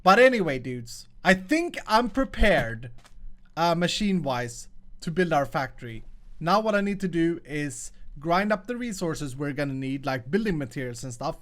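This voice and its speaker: A man's voice: fairly high pitch, big pitch swings, moderate pace, a bit bright. A man hosting his own show, chatting through gameplay in an upbeat way and laughing often. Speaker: host. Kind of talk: casual gameplay commentary.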